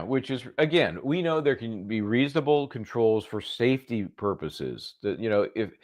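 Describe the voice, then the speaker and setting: A man giving live legal commentary in a sarcastic, conversational way. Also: medium pitch.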